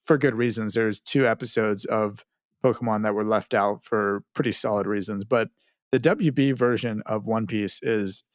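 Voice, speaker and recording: A man's voice: on the low side, normal speed, no echo, studio quality. A man hosting a podcast, chatting casually and reading listener mail with wry, self-mocking humor. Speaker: podcast host.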